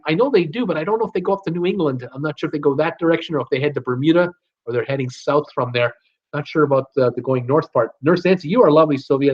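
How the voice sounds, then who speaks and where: Male live stream host, slightly higher voice, chatty and joking, lo-fi dull sound. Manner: chatty, reads out viewer names and comments, jokes around. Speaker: live stream host reading viewer chat. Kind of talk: casual live chat.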